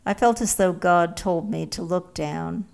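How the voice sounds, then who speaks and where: A woman narrating a first-person story in a slow, measured way. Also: lowish voice, gravelly, darkish tone.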